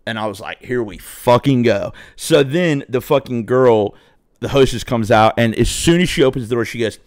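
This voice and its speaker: A young man spins a profane, swaggering story in casual chat. His voice sits at an ordinary middle pitch and sounds dry and close, with no room around it. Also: normal speed, no room sound. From Southwest Ohio.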